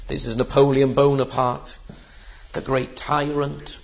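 A man's voice: fairly high pitch, takes it slowly. A man preaching a sermon in an emphatic, rhetorical way, with the odd filler. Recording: dull lo-fi sermon recording.

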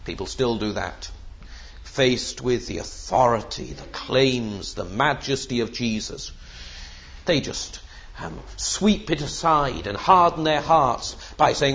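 A man's voice: medium pitch, takes it slowly, creaky, fairly bright tone, a little hiss or hum. A man preaching a sermon in an emphatic, rhetorical way, with the odd filler. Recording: dull lo-fi sermon recording.

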